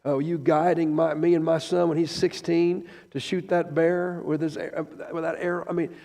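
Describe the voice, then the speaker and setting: An older man preaching, emotional and rambling at first, then rising loud and fervent. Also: a little high, flat delivery, normal speed, vocal fry. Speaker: traveling preacher. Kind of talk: sermon. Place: church sanctuary. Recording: echoey church hall.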